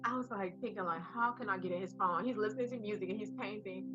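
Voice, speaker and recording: In a casual chat, a woman co-host tells a story animatedly, acting out the voices of the people in it. Her mid-range voice moves quickly over music, and the recording is slightly muffled.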